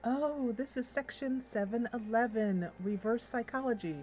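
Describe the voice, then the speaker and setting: A woman's voice: on the high side, moderate pace, darkish tone, faint music behind. A woman hosting a game playthrough, chatting and reading the game text aloud. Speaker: gameplay host. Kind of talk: let's play commentary.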